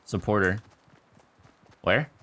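A young man streaming a shooter game, chatting casually, joking and laughing often as he plays. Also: fairly low pitch. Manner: excitable, joking, quick to laugh. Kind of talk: casual gameplay chat.

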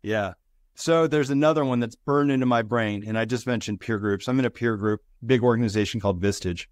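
A man's voice: medium pitch, brisk, no room sound, clean studio sound. A middle-aged man, a business consultant guest on an interview podcast, earnestly and reflectively recounting lessons in short, building phrases. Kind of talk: conversational interview storytelling.

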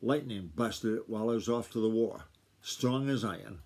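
Man doing a gruff old country farmer grandfather: rustic drawl, warm, slightly husky. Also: on the low side, moderate pace. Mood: gentle. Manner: rustic drawl, blustery then gentle.

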